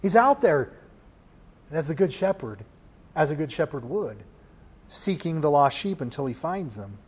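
Preaching man with a higher voice. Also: very animated, measured pace, breathy edge. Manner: preaching with swells from hushed to loud; rhetorical questions to the congregation. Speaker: pastor. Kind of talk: sermon.

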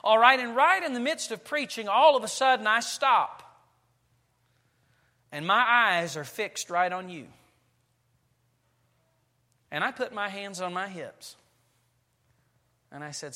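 Male pastor, forties, sermon, animated storytelling, forceful bright tone, long hall reverb. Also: high-pitched, slow, long pauses. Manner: animated storytelling preacher, acting out family scenes. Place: church sanctuary.

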